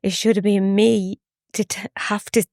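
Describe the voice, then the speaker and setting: A woman, a podcast guest telling a personal story in a halting, emotional way with frequent restarts. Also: medium pitch, flat delivery, darkish tone, no echo, studio quality.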